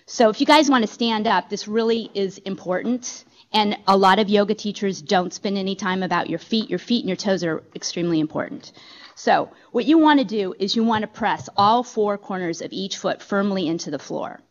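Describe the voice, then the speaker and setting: A woman's voice: medium pitch, normal speed, lo-fi sound. A woman teaching yoga in a company talk room, giving upbeat step-by-step instructions into a handheld microphone.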